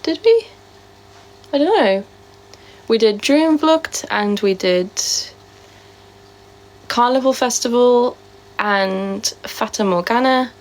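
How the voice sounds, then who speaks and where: A woman live streaming in casual, rambling chat, answering viewer comments, with a sore throat. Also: fairly high pitch. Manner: chatty and rambling, with many fillers.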